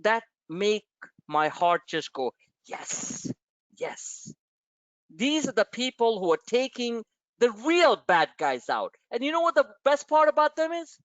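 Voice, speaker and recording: A man's voice: extremely high pitch, very animated, moderate pace, fairly bright tone, no room sound. A man hosting a live stock-trading webinar, talking in an emotional, impassioned and blunt way, with some swearing. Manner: impassioned, emotional motivational rant. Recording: dull, dry lo-fi webinar audio.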